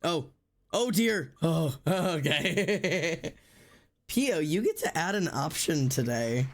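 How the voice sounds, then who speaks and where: Male streamer, slightly high-pitched, sore throat, keeps it low-key and chatty while drawing. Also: big pitch swings. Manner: chatty, rambling, swears casually; deliberately low-energy delivery. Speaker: livestreamer. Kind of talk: casual livestream chat while drawing.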